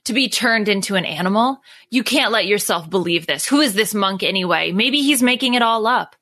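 A woman host reading an adventure gamebook aloud to her friends in steady narration. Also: mid-range voice, brisk, no room sound.

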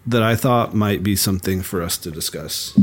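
A man co-hosting a podcast in relaxed chat, rambling with lots of fillers and restarts. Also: deep voice, moderate pace, breathy edge. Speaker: podcast co-host. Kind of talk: casual chat.

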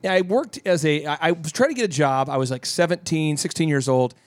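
A fast-talking man with a fairly high voice hosts a talk radio show and tells a rambling, animated story full of sound effects. His voice sounds dry and close, with almost no room around it. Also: no room sound.

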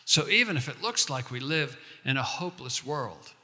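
A male pastor preaching a sermon in a conversational way, slowing down to recite verses and lines. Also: medium pitch, expressive, sharp tone, in a large hall.

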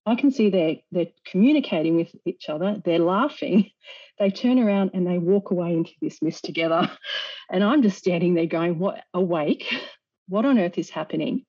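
A woman earnestly recounts a personal experience as a guest, often restarting her sentences and slipping in small nervous laughs. Her voice is mellow and soft-edged. The recording is dull and lo-fi. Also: on the low side.

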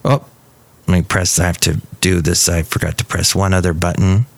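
A man's voice: low-pitched, level tone, normal speed, creaky, no room sound. A man hosting his own podcast in a wry, chatty, self-mocking monologue. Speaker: podcast host.

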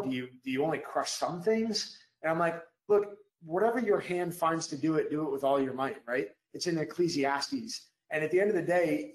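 A man, a former Navy SEAL, telling a story as a guest at a live podcast event, emphatic and energetic, repeating phrases for punch. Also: on the high side, echoey room, rough recording.

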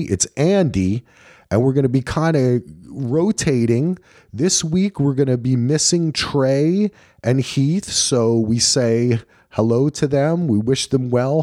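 A man's voice: mid-range voice, a little mellow, dry recording. Dry-voiced man hosting a podcast. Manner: upbeat, rambling host patter. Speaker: podcast host. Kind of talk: casual podcast chat.

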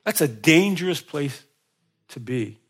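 A man's voice: lively intonation, unhurried, slightly rough. A man preaching a sermon, emphatic, with frequent restarts and repeated words. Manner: emphatic, rising in pitch and volume for emphasis. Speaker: pastor.

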